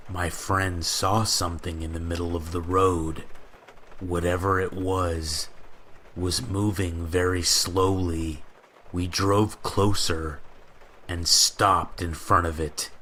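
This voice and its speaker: A man with a very deep, low voice reads scary stories in an even, steady narration. Soft rain falls faintly behind him. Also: slight background noise. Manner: steady storytelling read. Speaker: horror story narrator. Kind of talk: scripted horror narration. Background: rain ambience.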